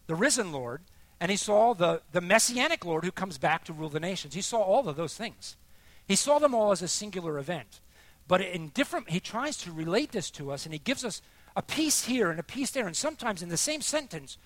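A man preaching a sermon, expressive and emphatic, dropping soft and then rising for emphasis. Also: high-pitched, dry recording.

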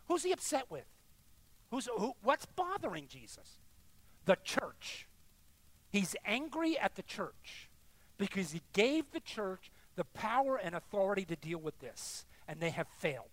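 A middle-aged male pastor delivers a sermon in an emphatic, direct style, his pitch lively and ranging widely. He moves between hushed, confessional lines and loud, insistent repetition. The recording has no room sound.

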